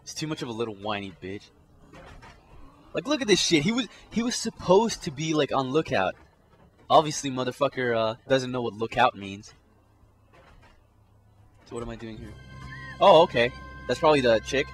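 A man's voice: mid-range voice, animated, normal speed, long pauses. A man giving casual commentary on a game he is playing, blurting profane reactions. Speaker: gameplay commentator. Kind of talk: casual let's play commentary. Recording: game music behind.

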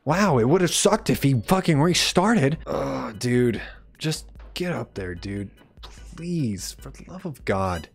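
A man playing a game on his channel, swearing and pleading with the game in frustration, swinging from mumbles to yells. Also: mid-range voice, big pitch swings, takes it slowly, creaky, faint music behind. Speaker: gaming YouTuber. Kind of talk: let's play commentary.

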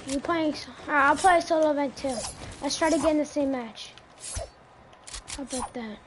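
A woman's voice: sits high, normal speed, slight background noise. A woman streaming a game, chatting casually and saying dude a lot. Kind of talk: casual gaming commentary.

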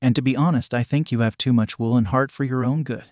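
A man's voice: medium pitch, fast talker, darkish tone, no echo, natural voice. A man voicing a blunt, protective teenage boy who talks sarcastically, in a dry fan fiction reading. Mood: earnest. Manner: sarcastic, brash.

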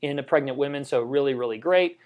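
A man's voice: mid-range voice, quick pace, darkish tone. A man co-hosting a live health show, talking enthusiastically and joking between points. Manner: enthusiastic and joking, tells personal anecdotes. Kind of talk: casual health chat on a livestream.

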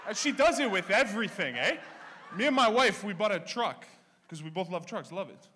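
High bright stand-up comic. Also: male voice, fairly quick, breathy edge. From Canada (Ontario). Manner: punchy, animated storytelling. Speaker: stand-up comedian. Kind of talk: stand-up comedy set.

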